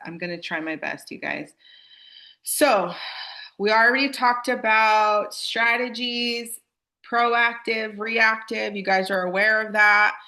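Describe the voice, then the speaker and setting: A woman's voice: on the low side, bright, forceful tone. A young adult woman leads a staff training on student behavior and talks to her audience in a casual, chatty way. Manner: casual, chatty, addresses audience as "you guys". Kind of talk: live staff training presentation.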